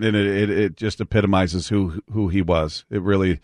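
A man's voice: deep voice, steady tone, moderate pace, no room sound, studio quality. A male radio host speaking reflectively on a call-in show, often restarting his words. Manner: warm repetitive restarts, reflective. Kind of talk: call-in radio tribute chat. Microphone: studio mic.

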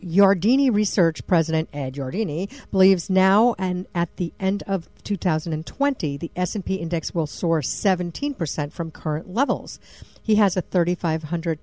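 A woman's voice: lowish voice, animated, moderate pace, few pauses, dark tone, dry recording. A woman co-hosting an investing radio show, chatty as she reads out survey figures. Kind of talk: casual radio talk.

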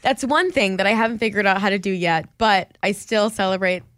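A woman co-hosting a casual chat, bubbly and self-deprecating, with quick reactions. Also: medium pitch, a bit bright, no echo, clean studio sound. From United States. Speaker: co-host.

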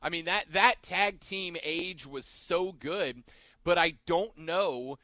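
A man's voice: a little high, slow pace, sharp tone, dry recording. A man hosting a casual podcast chat, rambling and backtracking mid-sentence as he talks.

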